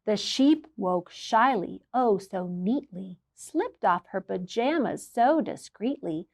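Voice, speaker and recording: Slow, lively librarian reading a storybook. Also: female voice, medium pitch, creaky. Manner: expressive storyteller who asks listeners questions. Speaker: children's librarian. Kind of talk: reading a picture book aloud to children.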